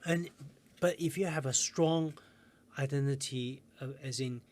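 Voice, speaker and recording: A man coaching viewers in a self-help video lesson, calm and guiding, slowing down with pauses for breathing exercises. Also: mid-range voice.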